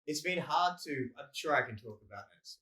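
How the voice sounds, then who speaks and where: Australian male comic co-host, rambling storyteller, bright voice. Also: fairly high pitch, animated, a little fast. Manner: rambling, storytelling with acted-out quotes. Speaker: comedian podcast co-host. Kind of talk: casual chat. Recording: roomy echo.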